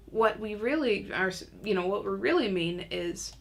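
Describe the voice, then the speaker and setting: Woman, parenting teacher, chatty and joking, gravelly vocal fry, middle pitch. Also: normal speed, hardly any pauses. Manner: casual, chatty, self-mocking humor. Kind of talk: recorded online lesson.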